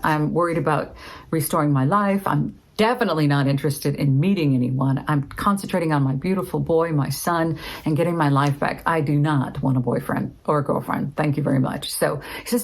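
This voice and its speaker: A woman's voice: low voice, brisk, low-quality recording. A middle-aged woman casually telling a personal story, acting out both sides of remembered conversations. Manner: lively, acts out both sides of remembered dialogue.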